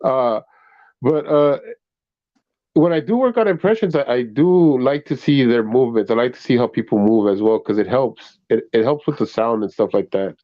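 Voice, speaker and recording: A man's voice: medium pitch, expressive, moderate pace, no echo. Rambling, laughing man, muffled sound. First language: Spanish. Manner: laughing, rambling with many restarts. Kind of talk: casual chat.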